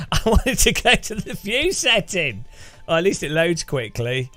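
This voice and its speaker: Soft music plays behind a high-pitched, very animated man who takes things slowly, his tone bright and forceful with no echo. He's streaming a racing game and rambling casually to viewers in a self-mocking way, chuckling often.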